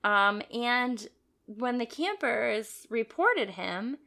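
A woman's voice: a little high, lively intonation, drawn-out words, creaky, pushed and bright. A woman co-hosting a casual podcast chat, recounting stories with frequent small laughs. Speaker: podcast co-host.

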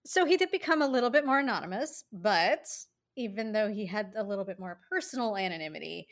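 A woman's voice: medium pitch, expressive, fast talker. Amused woman telling history. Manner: tells researched history in an easy, amused way, laughs often. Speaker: podcast co-host. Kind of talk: casual history podcast chat.

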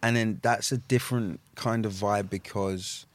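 A man's voice: lowish voice, fairly even intonation, a little slow. A man hosting a casual chat, speaking in an emphatic, reflective way.

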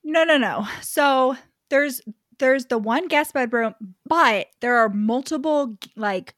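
Giggly, higher-voiced woman co-host. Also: fairly bright tone, no echo, studio quality. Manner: giggly, chatty, lots of "like", quick jokes. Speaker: podcast co-host. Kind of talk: casual book-club chat.

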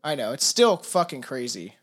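A podcast co-host from Canada in loose, casual chat. The voice sits at a middle pitch. The talk rambles, full of swearing and laughter. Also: big pitch swings, normal speed. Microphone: headphones and mic, remote.

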